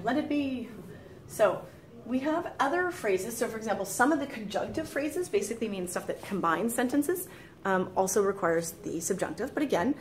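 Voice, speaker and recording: Fast-talking, chatty woman tutor. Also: fairly high pitch, a little hiss or hum. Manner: chatty, rambling, laughs easily, acts out quoted thoughts. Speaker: French tutor. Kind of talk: casual video lesson.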